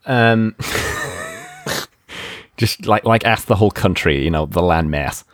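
A man putting on an impression of a crude, boastful older politician, rambling slowly and swearing while reading out plugs. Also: fairly low pitch, huge pitch swings, fairly bright tone, dry recording, studio quality, heavily acted. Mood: brash rambling. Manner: slow, rambling, swearing, self-interrupting.

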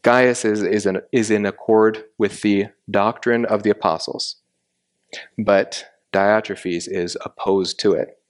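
Man teaching a Bible passage, low voice. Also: fairly even intonation, slow. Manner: methodical, explains Greek grammar step by step.

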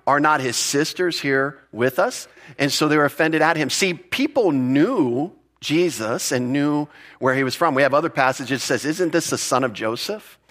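A man's voice: a little high, animated, moderate pace, fairly bright tone. A man teaching through a Bible passage in a conversational way, often repeating words and putting questions to his listeners. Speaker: pastor.

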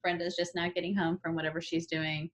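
A woman's voice: on the low side, level tone, a little fast, slight background noise. A woman co-hosting a podcast in casual, teasing chat, laughing often. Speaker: podcast co-host.

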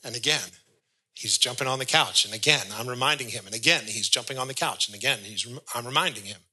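A man's voice: medium pitch, quick pace, sharp tone, breathy edge, poor audio. A man, a pastor, preaching a sermon and telling a story, acting out short bits of dialogue along the way. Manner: storytelling, acts out little dialogues.

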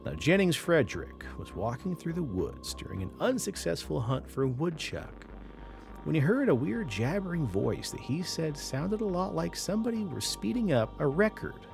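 A man hosting a paranormal podcast, telling a creature story in a lively way with casual asides. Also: fairly high pitch, normal speed, vocal fry, soft background music. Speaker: podcast host.

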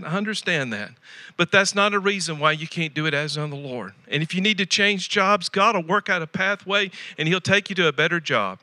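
Male pastor, folksy sermon delivery with repeated emphatic phrases; high, very bright tone, dry recording. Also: dry recording. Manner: swings from loud exhortation to quiet asides.

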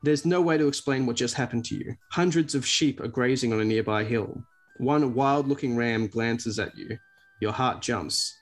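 A man reading a choose-your-own-adventure storybook aloud in a lively way. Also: medium pitch, normal speed, soft background music. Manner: lively read-aloud, breaks off to laugh.

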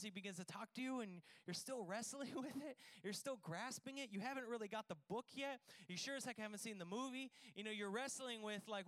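A man's voice: high voice, a bit bright, clear, resonant tone, no room sound. A man preaching a sermon in a conversational, joking way, acting out the dialogue of the scripture. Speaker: pastor.

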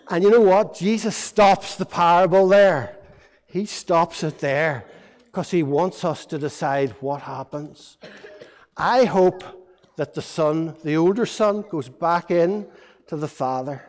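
Male preacher, playful storyteller for kids, high voice, church-hall reverb. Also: slow. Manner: lively, playful storytelling to children. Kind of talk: all-age sermon storytelling.

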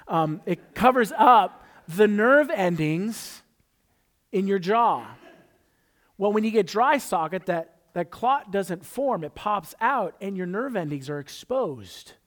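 A man preaching a conversational sermon, telling a personal story and joking with the congregation. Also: high voice. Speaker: pastor.

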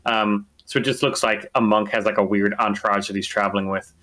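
A man's voice: fairly low pitch, little pitch movement, brisk, fairly bright tone. A man narrating as game master of a tabletop game, in a casual, rambling way full of fillers.

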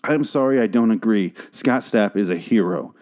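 A man's voice: on the low side, expressive, normal speed, darkish tone. A man hosting a comedy podcast, ranting in a rambling, profane and exasperated way while reacting to song lyrics. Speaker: podcast host.

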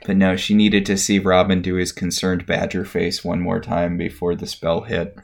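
Man co-host, very low voice, deadpan sarcastic recap chat. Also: moderate pace, creaky. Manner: dry, sardonic commentary. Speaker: podcast co-host.

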